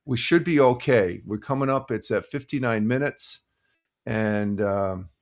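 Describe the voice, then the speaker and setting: A man's voice: mid-range voice, a little slow. Older man rambling on a live stream. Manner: rambling, many fillers and restarts, greets chat viewers. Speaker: livestream host. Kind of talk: casual live-stream chat.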